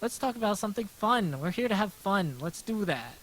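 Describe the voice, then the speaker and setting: Here the streamer sounds high, animated, brisk, and a little bright, though the audio quality is poor. As he draws, he rambles casually, jokes at his own expense, and frequently restarts.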